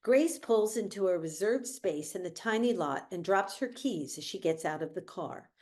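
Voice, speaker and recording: A woman's voice: medium pitch, expressive, a little mellow. Woman reading screenplay stage directions. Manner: measured, descriptive. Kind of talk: screenplay table read. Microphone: video call.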